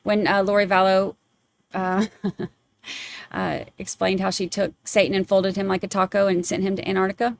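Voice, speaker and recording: A woman's voice: medium pitch, flat delivery, normal speed, creaky, no room sound. A woman hosting a true crime podcast, rambling in casual chat with many fillers. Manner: chatty, rambling, lots of fillers.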